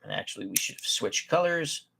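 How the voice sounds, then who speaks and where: A man with a slightly high voice that is expressive, creaky, sharp and a bit breathy hosts a tabletop baseball game. His play-by-play is chatty and unhurried, and he corrects himself as he goes.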